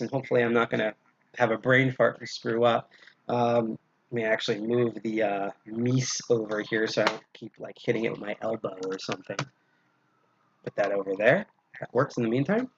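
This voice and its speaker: A man hosts a casual lockpicking demo stream, talking in a loose, rambling way with lots of "uh"s and wisecracks. His voice sits at an ordinary middle pitch for a man. The audio is dull and lo-fi, like a home livestream mic. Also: creaky, a little hiss or hum. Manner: rambling and jokey, with many filler sounds. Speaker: lockpicking host and instructor.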